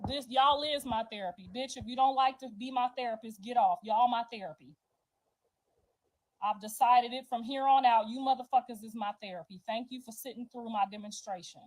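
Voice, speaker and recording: High-voiced woman in a profane rant. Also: a little fast, a little mellow, low-quality recording. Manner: profane, confrontational, emphatic. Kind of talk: heated personal rant to viewers.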